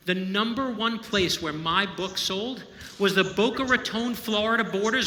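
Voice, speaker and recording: This novelist's high voice is pushed and bright, moving at normal speed over slight background noise. He gives an inspirational storytelling talk that is conversational and emphatic, regularly checking in with the audience, and the echoey hall adds long reverb.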